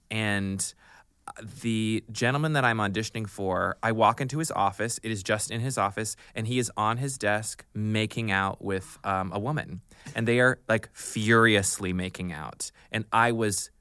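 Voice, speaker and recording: Lively low-voiced male actor telling a story. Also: moderate pace, clear, resonant tone, dry recording, clean studio sound. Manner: animated, acts out the voices in his story; chuckles often while he talks. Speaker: actor guest. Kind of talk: anecdotal storytelling.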